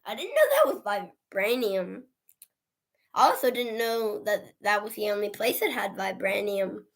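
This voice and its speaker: A woman's voice: medium pitch, very animated, moderate pace, vocal fry. A woman casually recapping a movie on a livestream, chatty and laughing often as she acts out the characters' lines. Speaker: movie reviewer.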